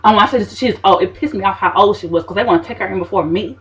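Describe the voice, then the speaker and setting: A woman's voice: medium pitch, very fast. Woman, sassy diva vlogger, dramatic storytelling, dull slightly muffled sound. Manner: sassy, dramatic diva persona, repeats "okay, honey". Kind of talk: casual storytelling to camera.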